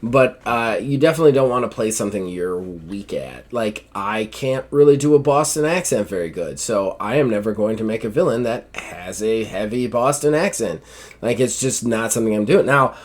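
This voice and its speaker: A man co-hosting a casual gaming podcast, talking in a loose, laid-back way with lots of fillers. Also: medium pitch.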